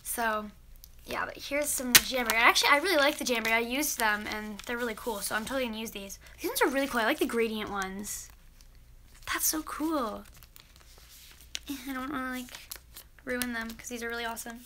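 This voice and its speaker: Teenage girl, high voice, chatty and gushing, casual vlog, noisy background with paper crinkling. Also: fairly quick. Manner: chatty, gushing, reads letters aloud. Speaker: vlogger. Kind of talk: casual mail-opening vlog.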